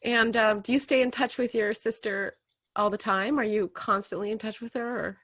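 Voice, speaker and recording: A woman hosting a podcast, asking rambling questions with many pauses and laughing readily. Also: fairly high pitch, steady tone, no echo. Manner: hesitant, many ums, warm giggly laughs. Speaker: podcast host. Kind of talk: casual interview.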